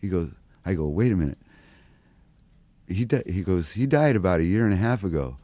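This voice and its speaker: A man's voice: low voice, animated, fairly quick, warm tone, no echo. A man, a guest musician, telling a rambling anecdote in casual chat, acting out the quotes along the way. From Seattle area. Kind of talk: casual storytelling.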